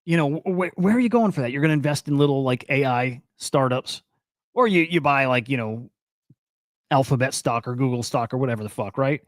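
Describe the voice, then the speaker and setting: A man's voice: mid-range voice, expressive, a little fast, no room sound, clean studio sound. A young man hosting a casual crypto news stream, talking in a loose, rambling and profane way and getting worked up as he goes. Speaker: crypto and NFT news host. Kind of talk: casual live-stream commentary.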